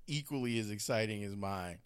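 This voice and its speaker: A man's voice: fairly low pitch, brisk, clear, resonant tone. A middle-aged man hosting a podcast, interviewing his mother in an affectionate, teasing conversation. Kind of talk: casual interview.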